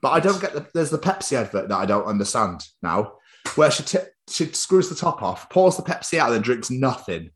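A man's voice: mid-range voice, big pitch swings, a little fast. Rambling, sweary man. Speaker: podcast host. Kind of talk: casual chat.

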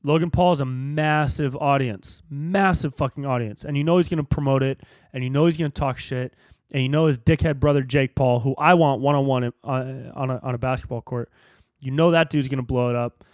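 A young man hosts a solo podcast, ranting in an animated, profane way at a fairly quick pace and switching into squeaky high voices for jokes. The sound is clean studio audio with no echo.

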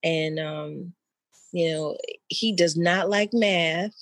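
A mother talking with an old friend in loose, rambling chat, with lots of fillers and lively pitch jumps when she quotes people. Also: takes it slowly, vocal fry, no room sound, studio quality. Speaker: mother of an eleven-year-old.

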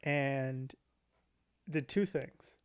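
A young man co-hosting a podcast in casual chat, telling jokes deadpan and laughing at his own bits. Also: mid-range voice, very slow, smooth. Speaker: podcast co-host.

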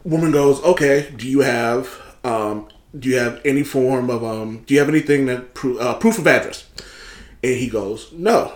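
Animated storytelling man in an echoey room. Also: mid-range voice, moderate pace. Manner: animated, swearing, acts out quotes in other voices. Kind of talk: casual storytelling chat.

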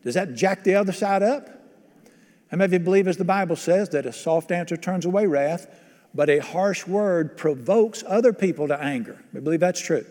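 A man's voice: sits high, a little fast, a little mellow, in a large hall. A man preaching a sermon to a congregation, conversational and often quizzing his listeners. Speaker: pastor.

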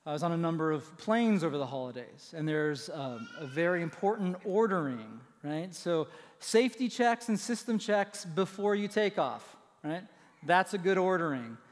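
A male pastor delivers his sermon in a conversational way, often turning to the congregation with quick asides. His voice sits a bit higher than most men's. It rings out with a long reverb in a large church sanctuary. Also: expressive.

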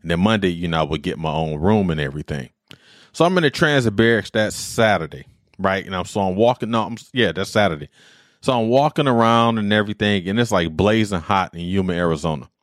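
A man's voice: deep voice, a little fast, dry recording, clean studio sound. A man in his forties, a podcast host, telling personal stories in a rambling, heartfelt way with military slang. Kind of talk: casual monologue.

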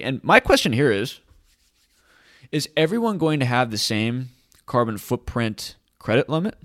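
A man's voice: medium pitch, animated, moderate pace, fairly bright tone, dry recording, studio quality. A man hosting casual commentary in a sarcastic, rambling way. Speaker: host.

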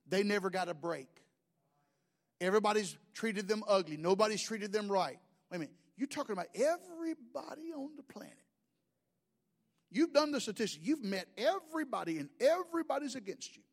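A man's voice: high voice, fairly quick. A middle-aged man, preaching a sermon in a folksy, humorous storytelling way. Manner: folksy, humorous, animated storytelling with mimicked voices. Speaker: pastor.

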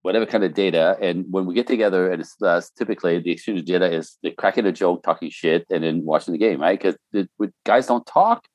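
A man's voice: sits low, fast talker, hardly any pauses, darkish tone, dry recording, lo-fi sound. A middle-aged man talking casually and telling stories, laughing often and mimicking other voices. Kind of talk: casual podcast chat.

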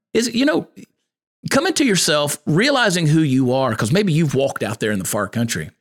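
This podcast host speaks at a moderate pace in a folksy, sermon-style monologue, with big swings in pitch as he presses his points with earnest conviction. His delivery comes across as plain and preacherly.

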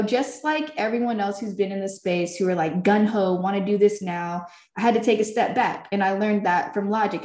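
A woman's voice: medium pitch, a little mellow. A woman telling a story in loose, profane casual talk, laughing along the way. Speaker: filmmaker and podcast creator. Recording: roomy echo.

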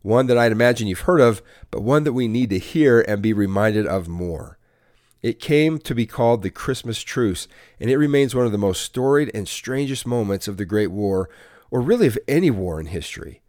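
A man hosting a Christian devotional podcast, telling a story in earnest, measured scripted narration with preacher-like emphasis. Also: mid-range voice, lively intonation, a little mellow, dry recording, clean studio sound. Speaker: podcast host giving a devotional.

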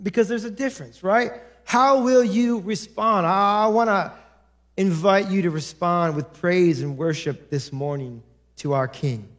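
A male pastor preaching a sermon in church, animated, acting out quoted voices with many restarts. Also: sits high, measured pace.

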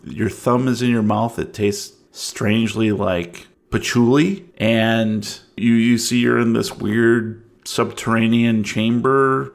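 A man narrating a tabletop horror game as game master, in slow, measured narration. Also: medium pitch, creaky.

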